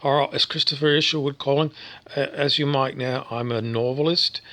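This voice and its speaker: A man's voice: medium pitch, fairly even intonation, normal speed, a bit bright. A man from Canada talking in a meandering, wry vlog monologue, full of fillers and asides. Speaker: vlogger. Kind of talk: rambling monologue.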